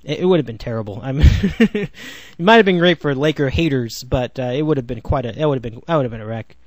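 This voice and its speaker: Young guy riffing on sports alone, sarcastic, restarts a lot, lively up and down, dry close sound. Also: medium pitch, fast talker, dry recording. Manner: rambling, self-correcting, sarcastic asides. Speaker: podcast host. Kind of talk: solo sports podcast monologue.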